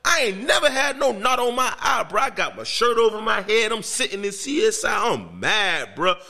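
A man, a podcast host, telling a story in casual chat in an animated, profane and emphatic way. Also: sits high, normal speed. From Miami, Florida.

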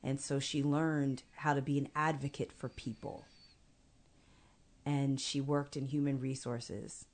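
A woman with a notably low voice shares a family story in an interview. She speaks earnestly and deliberately, stretching key phrases for emphasis. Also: flat delivery. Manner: earnest, measured, slows for emphasis. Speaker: guest. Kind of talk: personal storytelling in conversation.

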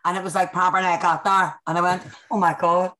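A woman's voice: on the low side, level tone, fast talker, bright, forceful tone, poor audio. A woman with a Northern Irish accent, a guest telling chatty anecdotes in casual conversation. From Northern Ireland. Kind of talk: casual chat.

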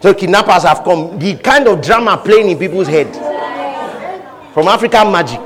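A man preaching a sermon with animated delivery, acting out voices and laughing often. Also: high voice, normal speed, long reverb tail, some chatter behind. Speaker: pastor.

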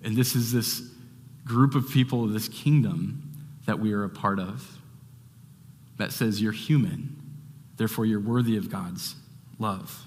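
A man's voice: fairly low pitch, measured pace, pauses often, darkish tone, in a large hall. A man giving a sermon as a pastor, talking in a loose, conversational way with restarts and fillers.

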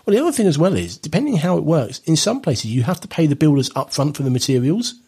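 A man's voice: on the high side, big pitch swings, fast talker, dark tone, slightly rough. A man in casual chat, telling a dry, wry anecdote with hesitant restarts.

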